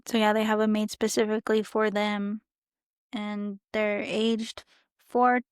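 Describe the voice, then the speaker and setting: Slow, flat-voiced young woman. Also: medium pitch, clear, resonant tone, dry recording, clean studio sound. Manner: rambling, filler-heavy storytelling. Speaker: guest. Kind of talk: casual chat.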